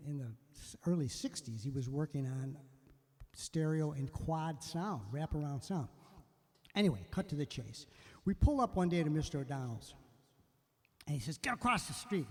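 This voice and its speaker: A man's voice: on the high side, husky, big-room sound. An older man, a musician host, telling a rambling story casually, breaking off and voicing the people he quotes. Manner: rambling, self-interrupting, quotes others in lively voices.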